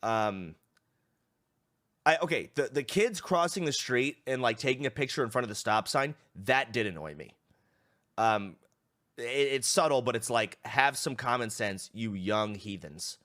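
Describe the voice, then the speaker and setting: A man's voice: mid-range voice, pushed and bright. A young man, a streamer, casually telling a story to his stream, swearing and acting out the people he quotes.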